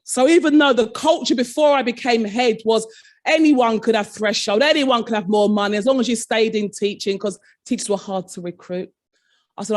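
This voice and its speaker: A woman's voice: fairly high pitch, normal speed. Dramatic woman telling a keynote story. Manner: dramatic, acts out quoted staff in shifting voices. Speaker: keynote speaker, former head teacher. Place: conference hall.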